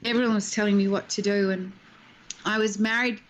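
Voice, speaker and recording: An Australian woman in her sixties, an actress chatting as an interview guest and telling lively stories, acting out the people in them. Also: medium pitch, a little fast, slight background noise. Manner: lively storyteller who acts out the people in her anecdotes. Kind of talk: casual interview chat.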